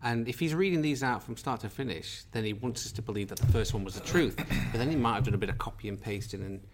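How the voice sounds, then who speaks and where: A man's voice: mid-range voice, quick pace, background noise. A man in a casual panel chat, teasing and pressing with questions.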